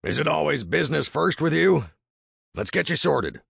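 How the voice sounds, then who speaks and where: Male narrator as a husky, weary frontier buddy fixated on his next drink, audiobook. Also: on the high side, very animated, normal speed, fairly bright tone, no room sound, studio quality, pitched above the performer's own voice, full character voice. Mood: wary. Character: weary thirsty male frontier companion, impatient.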